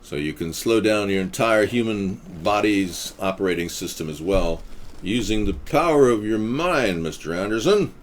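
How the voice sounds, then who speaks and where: A man voicing a cold, menacing machine agent from a film, slow, measured and deadpan. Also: fairly low pitch, a little hiss or hum, natural voice. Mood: coldly lecturing.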